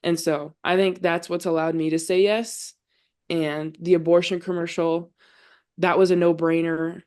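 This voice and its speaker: A woman's voice: lowish voice, little pitch movement, unhurried, darkish tone. A young adult woman, a podcast guest, talking earnestly about her faith in casual conversation and often saying "like.". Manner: earnest, heavy use of "like". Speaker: podcast guest, college volleyball player.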